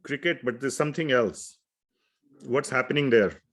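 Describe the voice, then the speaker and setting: A man's voice: mid-range voice, moderate pace. A man teaching a scripture class in a conversational way, often asking his students questions and telling stories. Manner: conversational, asks the class questions, tells anecdotes.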